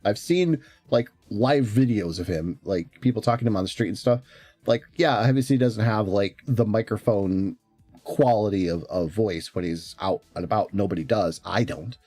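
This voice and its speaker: A man's voice: lowish voice, moderate pace, darkish tone, no echo, faint music behind. A man streaming in casual chat, rambling along with frequent fillers and restarts.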